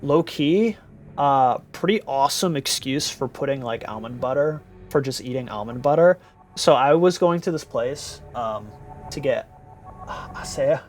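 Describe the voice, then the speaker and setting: A man's voice: mid-range voice, lively intonation, a little slow, faint music behind. A tired young man streaming live, chatting casually with viewers in a rambling, giggly way and playfully repeating words.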